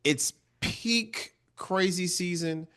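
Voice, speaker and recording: A man co-hosting a casual TV recap podcast, talking in an animated way with frequent restarts and repeated words. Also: high-pitched, very slow. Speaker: podcast co-host.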